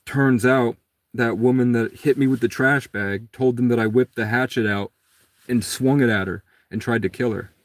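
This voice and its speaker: A man of middle pitch rambles through a personal story in a loose, casual monologue. He jumps into other people's lines with a lifted voice. The recording is dry and close, with no room sound. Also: steady tone, normal speed, no echo. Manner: rambling, acts out quotes with raised pitch.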